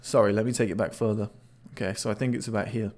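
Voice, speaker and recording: A man's voice: on the low side, fairly even intonation, fast talker, a little mellow. A man casually commenting on a video clip, chatty and swearing now and then, often repeating words as he restarts. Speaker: body language analyst.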